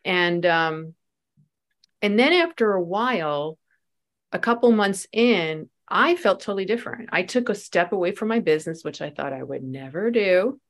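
A woman's voice: fairly low pitch, normal speed. A woman guest on a podcast, a spiritual teacher and life coach, telling personal stories in conversation and acting out the voices she quotes. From United States. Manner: animated storyteller, acts out quoted voices.

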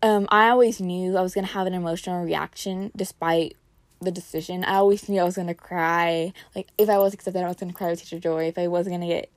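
A woman's voice: on the low side, steady tone, fast, dry recording. A young woman telling a personal story in a casual vlog, full of "like" fillers. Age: young adult. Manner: chatty, heavy on "like" fillers. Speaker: incoming college student.

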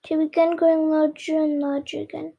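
A child reading a storybook aloud, slow and careful, stumbling and repeating words now and then. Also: high voice, level tone, vocal fry, dark tone, dull audio. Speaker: reader.

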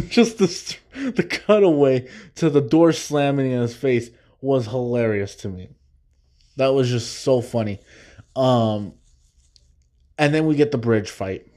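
A man's voice: medium pitch, darkish tone. A man hosting a podcast, enthusiastically rambling through a spoiler-heavy film breakdown and now and then laughing and humming movie themes. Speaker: podcast host.

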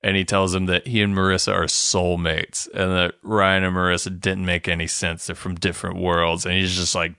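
Bright, crisp-voiced man in casual chat. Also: low voice, little pitch movement, moderate pace, few pauses, no echo, clean studio sound. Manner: laid-back, swears casually, frequent fillers. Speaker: podcast co-host.

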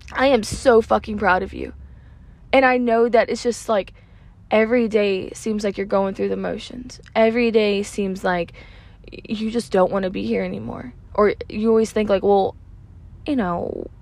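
A woman's voice: a little high, vocal fry. A woman hosting a podcast, talking in a raw, emotional, unscripted way, full of "like" and casual swearing. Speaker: podcast host. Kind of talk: unscripted heartfelt podcast monologue.

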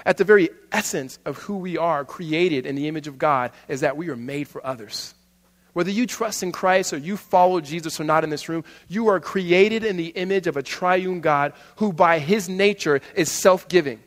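A man in his thirties preaching to a congregation, telling family stories in a conversational, animated way with many restarts. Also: on the high side, moderate pace. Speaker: pastor. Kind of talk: sermon with personal stories. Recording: long hall reverb.

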